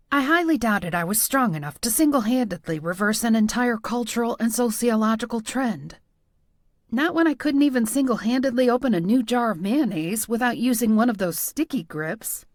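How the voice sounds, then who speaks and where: Lively, wry female audiobook narrator. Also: on the high side, no echo, studio quality. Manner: wry, self-deprecating storytelling. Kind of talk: first-person audiobook narration.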